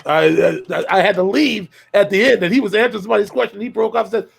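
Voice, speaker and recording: A man's voice: high voice, fast, gravelly. A man hosting a casual panel chat about drumming, laid-back and easygoing, stammering as he works into his questions. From Minneapolis area. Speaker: host.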